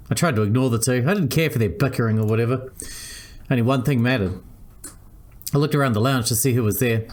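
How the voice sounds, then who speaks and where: A man's voice: medium pitch, quick pace, long pauses, darkish tone, a little hiss or hum. A man hosting a let's-play, reading a visual novel aloud and switching between narration and character voices.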